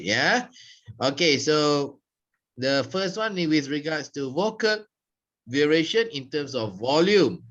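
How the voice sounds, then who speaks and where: A man leads a public speaking class, his high, bright voice leaping around as he demonstrates stress and tone. He talks at an unhurried pace, and the recording sounds dull and lo-fi. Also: big pitch swings. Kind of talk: classroom lecture.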